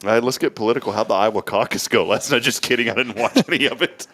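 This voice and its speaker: A man's voice: mid-range voice, quick pace, fairly bright tone. A man hosting a morning talk show, joking and rambling casually. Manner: goofy, rambling, laughs often.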